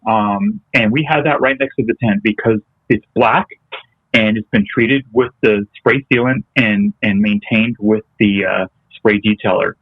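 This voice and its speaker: A man's voice: fairly low pitch, lively intonation, measured pace, vocal fry, no room sound. Hesitant male guest on a tinny line. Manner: hesitant, with many ums and restarts. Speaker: interview guest, detailing business owner. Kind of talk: casual interview chat. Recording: tinny, phone-like remote call audio.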